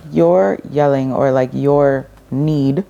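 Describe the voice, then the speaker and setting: A woman with a gravelly, creaky voice and a dark, mellow tone asks pointed questions on a podcast. She keeps the conversation moving with steady affirmations as she probes. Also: extremely low pitch, takes it slowly, muffled recording. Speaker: podcast guest.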